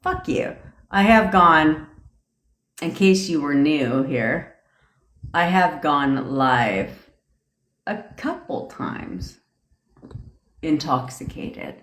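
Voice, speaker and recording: A woman's voice: deep voice, expressive, very slow, long pauses, fairly bright tone. A woman coaching manifestation in a casual livestream chat, brash and profane, laughing often. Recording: echoey room.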